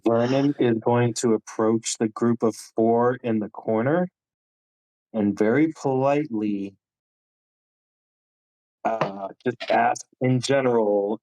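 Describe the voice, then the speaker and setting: Dude at a tabletop game, joking around, casual, mid pitch. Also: male voice, steady tone, slow, pauses often, dark tone, no room sound, low-quality recording. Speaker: player.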